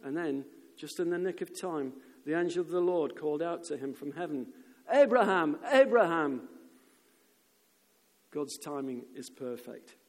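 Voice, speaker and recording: A man preaching a sermon, telling stories in an animated way and shouting out the lines of crowds. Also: fairly high pitch, moderate pace, hardly any pauses. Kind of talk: sermon with storytelling. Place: church. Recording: long reverb of a church hall.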